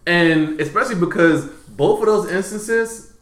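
A man hosting a podcast, telling a story in casual, profane talk that swings between loud bursts and low mutters. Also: measured pace, reverberant. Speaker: podcast host.

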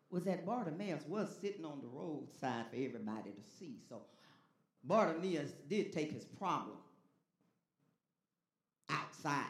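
A pastor delivers a call-and-response sermon in a medium-pitched voice, sinking to a hush before building to a shout, all in a reverberant space.

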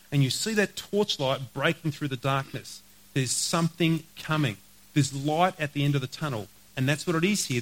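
A man preaching a sermon, earnest, slowing to read scripture and repeating key phrases. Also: on the high side, a bit bright, low-quality recording. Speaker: pastor.

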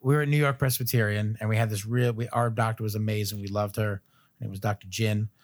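A man in his thirties, a podcast guest, telling a long personal story in a loose, animated way, full of fillers and little chuckles. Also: fairly low pitch, quick pace. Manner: loose filler-heavy phrasing. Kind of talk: casual storytelling chat.

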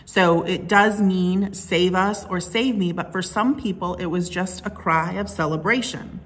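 A woman pastor gives a sermon in a relaxed, conversational tone. Her voice sits a little low, and she speaks at an unhurried pace. She often pauses on fillers and restarts her sentences as she explains.

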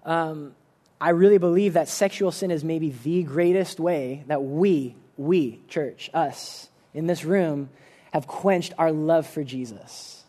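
A man's voice: fairly high pitch, slow, mellow. A man preaching a conversational sermon in a church, earnest and informal, often restarting his sentences. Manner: earnest, casual, many restarts and "like" fillers. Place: church service room.

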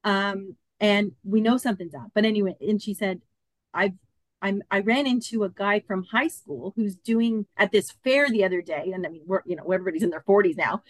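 In an interview, a fifties-aged woman guest shares a story from her own life with animation, performing the lines of dialogue within it. Her mid-range voice moves a little fast, and there is no echo.

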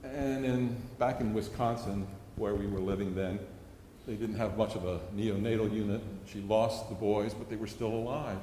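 A man's voice: lowish voice, steady tone, normal speed, dark tone, a little hiss or hum. A middle-aged man preaching a sermon, telling stories earnestly and acting out a child's pleading. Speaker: pastor. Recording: echoey hall with long reverb.

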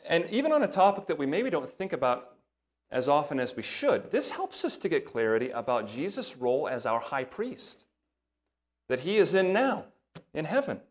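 A man's voice: sing-song, normal speed. Man preaching an expository sermon. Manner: expository preaching, reads scripture aloud with rising emphasis; breaks into soft asides in a lower voice. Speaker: pastor.

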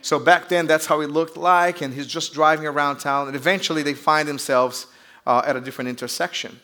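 Bright-voiced Brazilian pastor preaching. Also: male voice, on the high side, fairly even intonation, a little fast. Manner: chatty, joking storyteller with audience call-outs. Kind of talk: sermon.

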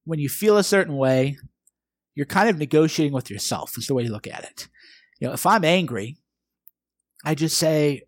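A man hosting his own podcast, speaking in a fairly high voice with emphatic, lecturing force. He talks straight to the listener, firing off rhetorical questions. The sound is dry and close, with no room echo. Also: expressive, normal speed, long pauses. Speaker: podcast host. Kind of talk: motivational monologue.

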